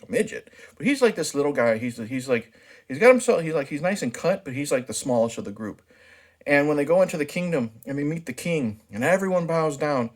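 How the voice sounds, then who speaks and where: A man casually reviewing a movie, talking frankly and chatting loosely with plenty of restarts. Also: medium pitch. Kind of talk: casual spoken film review.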